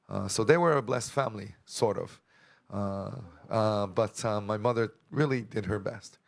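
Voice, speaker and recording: A middle-aged man giving a personal testimony at a church service, hesitant and halting, with a self-deprecating manner. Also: on the low side, gravelly. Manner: hesitant, halting, with many pauses and filler sounds; self-deprecating, chuckles between stories.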